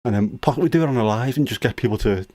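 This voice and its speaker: A man's voice: medium pitch, rapid-fire, mellow, no echo. A middle-aged man hosting a casual livestream chat, teasing his daughter with jokey dad humor. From United Kingdom. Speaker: livestream host.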